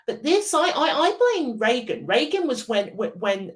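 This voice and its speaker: Halting British woman podcaster. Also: fairly high pitch, big pitch swings, low-quality recording. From United Kingdom. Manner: halting, many restarts and repetitions. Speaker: podcast co-host. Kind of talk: casual chat.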